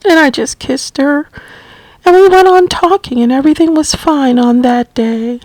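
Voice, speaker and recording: A middle-aged woman telling a personal story about caring for her mother, slow and gently reflective. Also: high voice, no room sound, low-quality recording. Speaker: family caregiver recounting her mother's illness.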